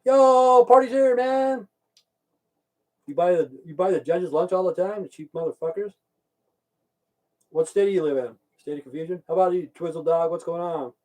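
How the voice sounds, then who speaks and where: A man's voice: fairly high pitch, fairly quick, mellow, poor audio. Profane rambling man on a livestream. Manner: rambling, profane, keeps saying "okay"; chats back to viewers in the stream chat. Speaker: livestream host. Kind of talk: casual livestream rant.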